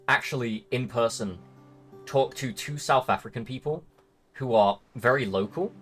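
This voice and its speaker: A man's voice: mid-range voice, moderate pace, fairly bright tone. Young male streamer, joking, crude, easygoing; light music bed behind him. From Britain. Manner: joking, profane, rambling. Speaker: stream host. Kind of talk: casual chat.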